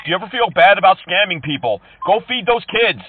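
A man making prank phone calls to scammers, mocking and insulting them, switching from fake politeness to yelling. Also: high-pitched, lively intonation, fast, background noise. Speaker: scam-baiting prank caller. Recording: tinny phone-call audio.

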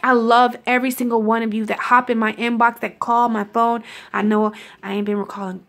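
A woman's voice: on the high side, flat delivery, a little fast, a bit bright. A young woman giving a casual, affectionate motivational talk to her viewers, calling them honey and laughing often. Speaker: self-love vlogger.

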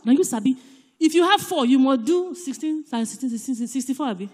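A woman with a Nigerian accent giving an animated, emphatic church talk, swinging between loud and soft. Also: on the high side, fast, breathy edge. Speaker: church speaker. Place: church hall. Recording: echoey church hall.

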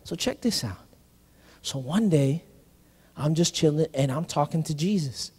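A male senior pastor telling a personal story in a conversational sermon, animated, often saying "listen" and restarting phrases. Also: a little high, measured pace, husky. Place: church sanctuary. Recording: live sermon in a reverberant hall.

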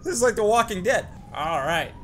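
A young man giving jokey, excited commentary as he plays a game, chatting to his companion and yelping at scares. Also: high voice, brisk, background noise. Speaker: gaming YouTuber. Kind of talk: excited let's-play commentary.

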